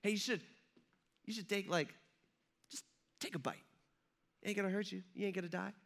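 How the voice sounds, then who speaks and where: Guy putting on a sly tempter voice, coaxing and laid back, kinda high and bright. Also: huge pitch swings, a little fast, vocal fry, exaggerated voice. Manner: coaxing, casual, low-key. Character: sly male tempter coaxing someone to eat fruit.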